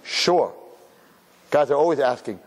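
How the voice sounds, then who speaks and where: A man as a rabbi giving a humorous sermon-lecture, telling stories with sarcastic, animated delivery. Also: medium pitch, a little slow, long reverb tail, a little hiss or hum.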